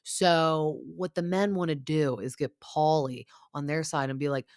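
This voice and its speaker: A woman's voice: low voice, fairly even intonation, a little slow, darkish tone, no echo, clean studio sound. A woman hosting a casual reality TV recap, gossipy and opinionated, with plenty of fillers. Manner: chatty, lots of fillers like "like" and "um".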